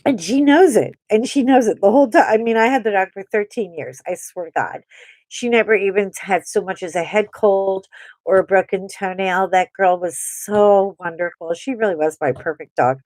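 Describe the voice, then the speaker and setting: A woman hosting a casual livestream, chatting and telling a story while she draws, animated and acting out quotes. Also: fairly low pitch, no echo. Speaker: host.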